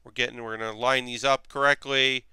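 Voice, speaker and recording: A man's voice: medium pitch, flat delivery, fairly quick, bright, forceful tone, clean tone, no room sound. A man chatting casually with his live chat while building costume armor in his workshop, rambling with lots of fillers. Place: home workshop.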